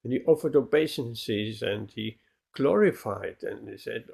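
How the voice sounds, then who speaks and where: A man, a spiritual teacher, telling a devotional story in a lecture, with many pauses and fillers. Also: medium pitch, animated, vocal fry, darkish tone, slightly rough.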